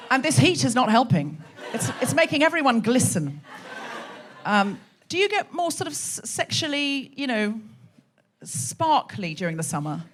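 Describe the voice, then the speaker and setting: Brief: woman comic host, bright higher voice with a very animated pitch, teasing chatty crowd work on stage. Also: a little hiss or hum. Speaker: comedy podcast host. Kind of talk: live stand-up hosting to an audience. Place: hot theatre stage with a live audience.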